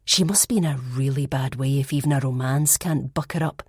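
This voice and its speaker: A woman's voice: extremely low pitch, fairly quick, breathy edge, no echo, studio quality. A woman voicing a confiding young woman student. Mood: serious. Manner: confiding, hushed at times. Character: gossipy young woman student sharing news.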